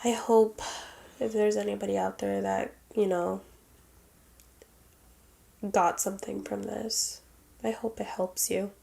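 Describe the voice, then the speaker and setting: Woman, podcast co-host, teary, casual swearing, bits of Spanish, gravelly. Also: mid-range voice, little pitch movement, takes it slowly, pauses often, mellow. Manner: candid, laughing, swears casually, mixes in Spanish words. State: teary after crying. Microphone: handheld mic.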